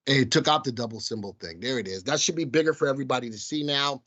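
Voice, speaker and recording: A man's voice: medium pitch, quick pace, a bit bright, lo-fi sound. A man with a Southern accent hosting a live stock market show, talking casually to viewers he calls folks. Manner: chatty, addresses viewers as folks. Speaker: stock market livestream host. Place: studio.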